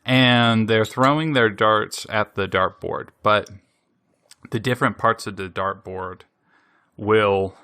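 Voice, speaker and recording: A man hosting a podcast, casually recapping an anime episode in an animated way, laughing often and using many fillers. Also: fairly low pitch, slow pace, smooth, no echo, studio quality. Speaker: podcast host.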